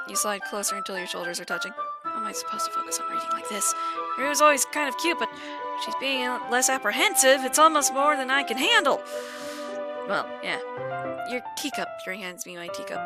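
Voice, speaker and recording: A young woman hosting a playthrough, reading a visual novel's text aloud with stumbles and giggly asides of her own. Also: a little high. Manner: reads narration with stumbles and restarts, breaks into giggly asides. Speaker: let's play host. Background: game music.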